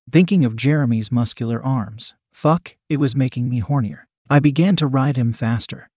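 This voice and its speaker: Male narrator, mid pitch, steady even read, dry close-mic sound. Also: no echo. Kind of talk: reading a first-person erotic story aloud.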